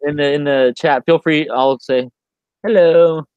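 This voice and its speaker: A man hosting a casual livestream interview, easygoing and quick to agree. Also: fairly high pitch, steady tone, clean tone, no room sound, dull audio. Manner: easygoing, quick to laugh along. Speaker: livestream host.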